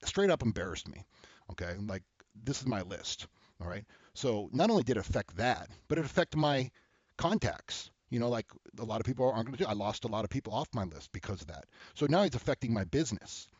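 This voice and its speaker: A man's voice: medium pitch, sing-song, a little fast, darkish tone, breathy edge, no echo, muffled recording. A man hosting an advice show who talks bluntly and heatedly, and keeps checking in with "okay?". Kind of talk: casual advice talk to camera.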